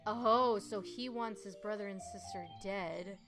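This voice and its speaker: A woman's voice: mid-range voice, measured pace. A woman voice-over artist giving chatty let's-play commentary while playing a puzzle game, reacting aloud with gasps and exclamations. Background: game music.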